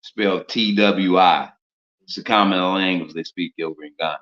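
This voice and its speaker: A man's voice: low voice, normal speed, fairly bright tone. A man giving an informal preaching talk in streetwise slang, firing off rhetorical questions. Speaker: religious speaker. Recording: muffled lo-fi recording with roomy echo.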